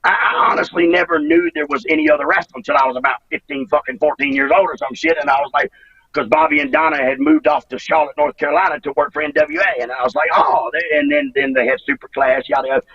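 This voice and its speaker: Middle-aged man, gravelly husky voice, lively rambling delivery over a muffled distant line. Interview guest. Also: fairly high pitch, fast talker. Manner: profane, rambling, drawling. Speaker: interview guest, former wrestler. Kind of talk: casual storytelling interview.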